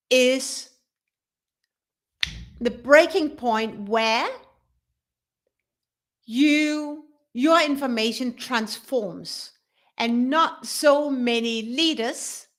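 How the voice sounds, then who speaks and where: High, slow-speaking woman coach. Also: a bit bright. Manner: earnest, with frequent restarts and self-corrections. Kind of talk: personal story to camera.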